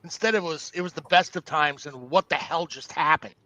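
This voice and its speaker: A man co-hosting a live college football talk show, giving blunt opinions in an animated way with frequent stammering restarts. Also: fairly high pitch, a little fast, no room sound. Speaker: co-host. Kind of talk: casual sports talk.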